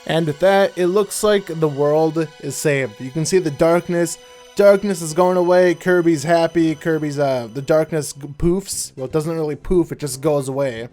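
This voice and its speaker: A man's voice: a little high, moderate pace, darkish tone, faint music behind. A young man giving casual, rambling commentary while playing a video game, often correcting himself mid-sentence. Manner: rambling, self-correcting, chatty. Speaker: gameplay commentator. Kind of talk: casual let's-play commentary.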